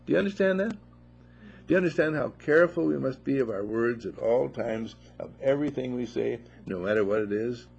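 A man giving an informal spiritual talk to a small group at a monastery, animated and playful, full of rhetorical questions. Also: mid-range voice, normal speed, gravelly, husky. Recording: dull lo-fi recording.

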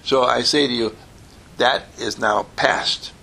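A man teaching a small group in an informal lesson. He talks in an animated way, repeats phrases for effect and chuckles as he goes. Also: medium pitch, a little slow, creaky, slightly rough. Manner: animated, repetitive, chuckling asides.

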